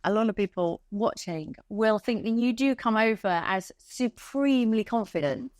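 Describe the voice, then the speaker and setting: A woman's voice: medium pitch, expressive, moderate pace, a little mellow, dry recording, clean studio sound. A woman hosting an interview chat, encouraging her guest. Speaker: host.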